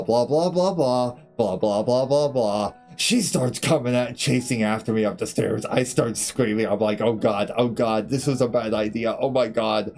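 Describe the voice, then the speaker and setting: In a lowish, darkish voice, a man streaming a game tells candid, profane stories from his childhood, laughing through them as casual storytelling between game segments.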